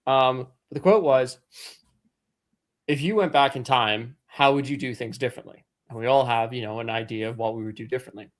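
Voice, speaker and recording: A man's voice: mid-range voice, a little fast. Rambling man thinking aloud. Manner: rambling, thinks out loud with many "like"s and restarts. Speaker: author guest. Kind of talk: casual chat.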